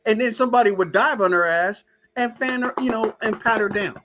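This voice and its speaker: A high-voiced man hosting a loose live stream. He swears freely, doubts what he is shown, and keeps turning to his chat with a profane, skeptical edge. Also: a little fast, noisy background. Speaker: show host. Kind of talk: casual live-stream talk.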